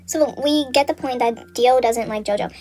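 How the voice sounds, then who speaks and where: Rambling, high-voiced young woman. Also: measured pace, background noise. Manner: rambling, swears a lot, heavy use of "like". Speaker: vlogger. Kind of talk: casual chat, retelling a story from memory.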